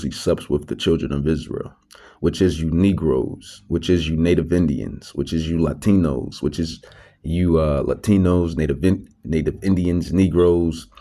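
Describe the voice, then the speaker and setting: A man's voice: very deep voice, warm tone. A man preaching a religious lesson, repeating words with many restarts and fillers, stressing scripture quotes. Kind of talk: religious teaching monologue.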